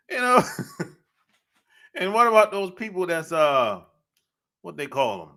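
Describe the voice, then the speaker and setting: Pushed and bright, on the high side, a man's voice carries a casual podcast monologue. As host he speaks bluntly, laughs frequently, and stretches out his phrasing for emphasis.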